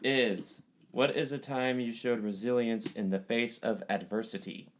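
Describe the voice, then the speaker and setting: A man co-hosting a casual podcast chat, animated and swearing freely. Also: mid-range voice, a little slow, slight background noise. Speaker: podcast co-host.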